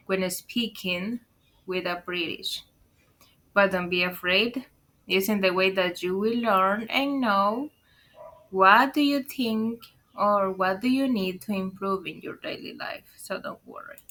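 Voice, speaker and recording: Bright, unhurried woman, teaching an online English lesson and checking in with her viewers. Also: medium pitch. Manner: explains patiently, asks "right?" often, calls viewers "guys".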